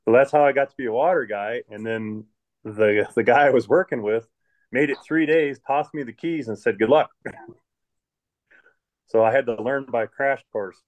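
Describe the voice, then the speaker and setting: A man's voice: medium pitch, moderate pace, a little mellow. A middle-aged man from Michigan, a water plant manager, casually telling stories about his work life in an interview, rambling along with many restarts.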